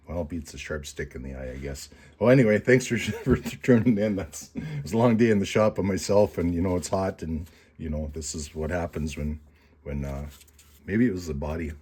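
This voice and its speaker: Deep raspy guy explaining fish forms, folksy and jokey. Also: normal speed, a little mellow. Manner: folksy, rambling, self-mocking. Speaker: taxidermist. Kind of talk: casual how-to tutorial with jokes. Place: workshop.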